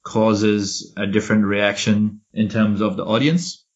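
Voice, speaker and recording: A man's voice: fairly low pitch, level tone, measured pace. A man hosting a podcast interview, asking long, winding questions. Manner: asks long rambling questions. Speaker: podcast host. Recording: dull lo-fi podcast audio.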